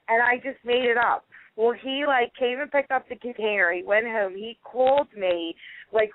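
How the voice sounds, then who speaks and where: A woman guest telling stories in a chatty way and laughing often, heard over a phone line. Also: fairly high pitch. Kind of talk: casual phone interview.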